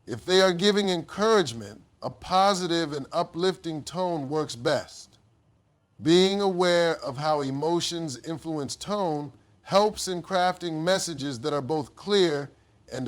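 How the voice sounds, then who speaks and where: Man giving a measured motivational speech. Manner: measured delivery, dropping low at sentence ends. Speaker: motivational speaker.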